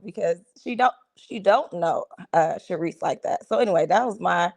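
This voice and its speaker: A woman co-hosting a podcast, giving her views on a reality show in a measured, conversational way. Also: lowish voice, creaky, a little mellow. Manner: conversational, measured, trails off mid-thought. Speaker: podcast co-host. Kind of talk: casual reality-show reaction talk.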